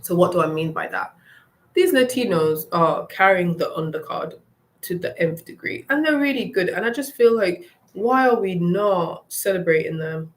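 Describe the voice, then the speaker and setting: A woman's voice: lowish voice, animated, normal speed. A young woman ranting bluntly and with animation, delivering solo wrestling commentary. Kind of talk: opinionated solo rant.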